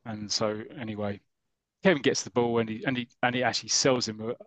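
He talks rapid-fire in a medium-pitched voice with fairly even intonation, and the recording has no room sound. This British podcast host is casually retelling an old comic story, rambling eagerly and acting out the characters' lines.

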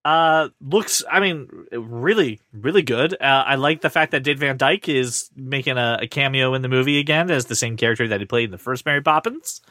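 A man hosting a casual pop-culture chat, animated and joking at his own expense. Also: medium pitch, fairly quick, hardly any pauses, dry recording, studio quality. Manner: animated, joking, self-deprecating. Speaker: podcast host.

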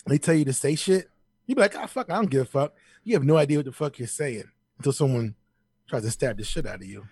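A man's voice: medium pitch, quick pace, warm tone, husky, no echo, clean studio sound. A man co-hosting a podcast, reacting in casual chat and swearing freely. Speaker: podcast co-host.

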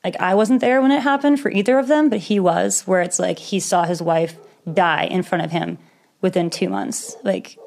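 A woman's voice: on the low side, moderate pace, vocal fry, darkish tone. A young woman casually telling a personal story in conversation, candid and rambling, with nervous laughs and the odd swear word.

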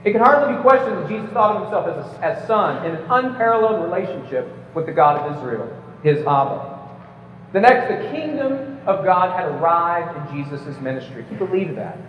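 A man's voice: sits high, lively intonation, fairly quick, a little hiss or hum. A man giving an emphatic prepared debate speech to a live audience, lecturing with occasional stumbles and light jokes. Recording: echoey hall, distant mic, slightly dull.

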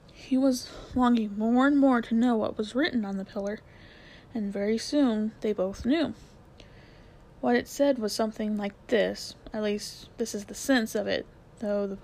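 A woman narrating a children's novel aloud with expressive storytelling, lowering her voice for suspense.

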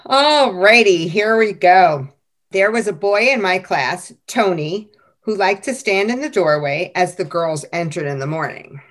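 A woman's voice: on the low side, unhurried. A woman hosting a casual teacher podcast, reading out classroom stories with frequent laughter. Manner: lively storyteller who laughs often.

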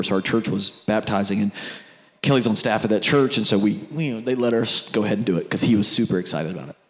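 A man preaching a sermon, telling a family story in a conversational way and speaking to the crowd directly. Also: on the low side.

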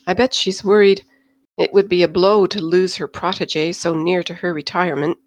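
A woman's voice: on the low side, steady tone, moderate pace, no echo, close to an everyday voice. A woman voicing a chatty noblewoman who clucks and gossips eagerly.

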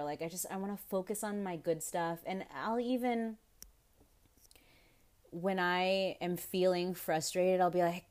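A woman's voice: on the low side, fairly even intonation, measured pace, a little mellow. Frank, profane woman podcaster. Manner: frank and profane, laughs often, rambling asides. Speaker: podcast host. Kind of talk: casual podcast monologue.

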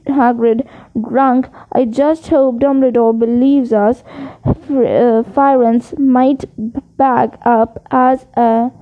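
A woman voicing an anxious young schoolboy. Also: high voice. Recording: dull lo-fi recording.

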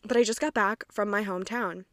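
Fairly quick and fairly bright, her medium-pitched voice keeps a fairly even intonation in a studio recording with no room sound. She's a twenty-year-old rural Kentucky podcast host, rambling casually, swearing freely, and self-deprecating.

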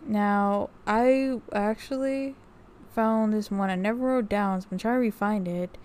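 A woman vlogger chatting casually to her viewers at a slow, easy pace. Her voice sits at an ordinary middle pitch. She rambles, restarts sentences and leans on fillers while relaying what she has read. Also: darkish tone, clear, resonant tone. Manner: unhurried, reading notes off research. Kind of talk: casual talk to camera.

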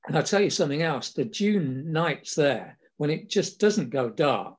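A man's voice: on the high side, animated, measured pace, slightly rough. An older man with a southern English accent, telling stories from his working life in a chatty, anecdotal way with small laughs. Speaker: storyteller recalling his career. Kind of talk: casual spoken memoir.

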